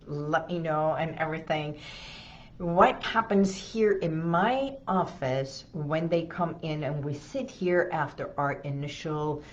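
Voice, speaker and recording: Animated woman hypnotherapist chatting slow and low, kinda dull lo-fi sound. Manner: animated, hands-on. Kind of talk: casual talk to camera. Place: her office.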